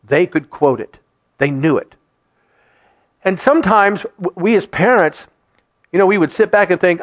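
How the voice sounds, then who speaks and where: Brief: middle-aged male pastor preaching, high and lively voice, dull lo-fi recording. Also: normal speed, long pauses. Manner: animated, conversational preaching to a congregation. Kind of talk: sermon. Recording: dull lo-fi sound.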